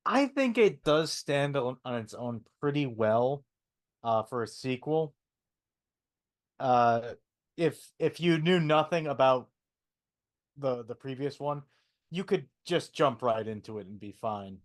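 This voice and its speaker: A man co-hosting a casual podcast, talking haltingly with repeated words and fillers. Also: mid-range voice, expressive. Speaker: podcast co-host.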